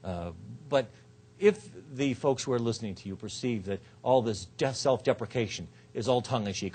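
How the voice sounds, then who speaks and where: Guy teaching a rhetoric class, jokey, voice jumps up and down a lot, middle pitch. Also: slightly rough. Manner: lively, joking, quick shifts of pitch and loudness. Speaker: law professor. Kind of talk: lecture on rhetoric. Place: lecture hall.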